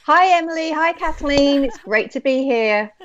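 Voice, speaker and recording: A woman's voice: sits high, expressive, moderate pace, fairly bright tone, a little hiss or hum. A British woman, a guest and company co-founder, chatting casually and teasing herself in an interview. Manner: playful, self-mocking. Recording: dull lo-fi line.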